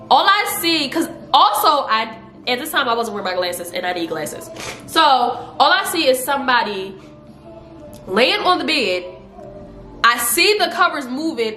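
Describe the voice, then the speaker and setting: A young woman telling a story to her vlog viewers in a casual, animated way, laughing often and acting out quotes. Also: high voice, roomy sound. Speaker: vlogger.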